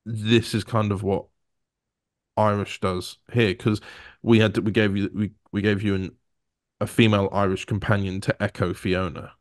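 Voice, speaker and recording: A man with a fairly low voice hosts a relaxed interview. He speaks haltingly, often starting a phrase over before he finishes it. The sound is dry and close to the mic. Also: dry recording. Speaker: interviewer, co-creator. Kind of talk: casual interview chat.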